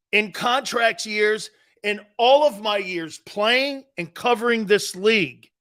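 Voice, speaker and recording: A brash middle-aged man running a live sports talk show. His voice sits high and swings widely as he argues, mocking pundits. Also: fairly bright tone. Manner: laughs at his own points.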